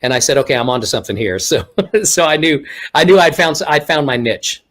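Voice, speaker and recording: A man's voice: mid-range voice, fairly quick. A man from Texas with no regional accent, a guest telling stories in a casual interview, acting out what people said to him. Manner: animated storyteller acting out quoted remarks. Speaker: guest, ventriloquist.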